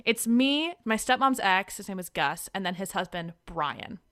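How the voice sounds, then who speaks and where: A woman's voice: medium pitch, moderate pace, hardly any pauses, a bit bright. A young woman, a guest in an interview, telling personal stories in a chatty way with frequent laughter and lots of "like". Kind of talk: casual storytelling interview.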